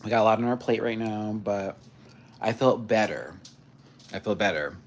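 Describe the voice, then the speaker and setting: A man with a lowish voice hosts a casual livestream at a moderate pace, chatting with his pets and cooing baby talk at them. His delivery is sing-song and animated, and a faint hiss or hum sits under the audio.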